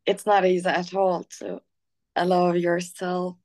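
A woman reading her own poem slowly and softly, then chatting casually. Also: lowish voice, monotone. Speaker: guest poet. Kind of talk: casual chat and poetry reading.

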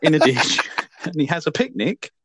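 A man's voice: a little high, very animated, normal speed, a loud crowd. A man in a casual film review chat, dry and sardonic in his delivery.

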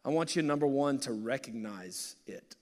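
A man preaches with passion, his voice sitting at an ordinary pitch. He leaps from loud, urgent bursts down to soft, hushed lines. The sound carries a long reverb from a large hall. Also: animated, normal speed. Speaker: pastor. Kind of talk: sermon.

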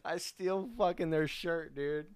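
Young male podcast host, slightly higher voice, loose and profane storyteller who laughs through his own tale. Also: steady tone, unhurried, a little mellow, clean tone. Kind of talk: casual storytelling.

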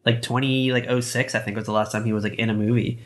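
A man's voice: mid-range voice, little pitch movement, fast talker. A man co-hosting a podcast in loose, joking banter, swearing freely. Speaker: podcast co-host. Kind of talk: casual banter.

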